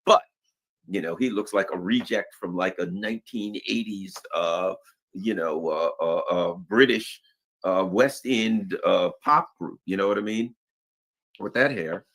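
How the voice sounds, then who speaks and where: A middle-aged man giving casual, rambling political commentary in a slangy, animated way. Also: fairly low pitch, normal speed, creaky. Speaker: news commentary host.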